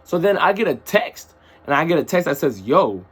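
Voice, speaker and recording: Husky-voiced man telling a rambling story. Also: on the high side, a little fast. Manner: animated, rambling, slang-heavy storytelling. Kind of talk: casual storytime.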